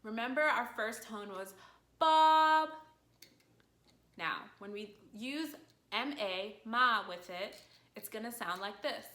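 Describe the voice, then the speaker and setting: Woman language teacher, slow and patient, very bright voice, echoey room. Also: medium pitch. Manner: patient, encouraging, demonstrates tones clearly. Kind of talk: friendly online language lesson.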